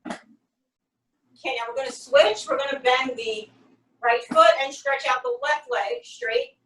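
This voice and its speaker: In a home exercise space, a woman coach leads a workout, counting reps and offering cheerful step-by-step guidance. Her high-pitched voice swings widely in pitch, goes slowly, and is slightly bright. There is a bit of background noise, an echoey room, and a distant mic.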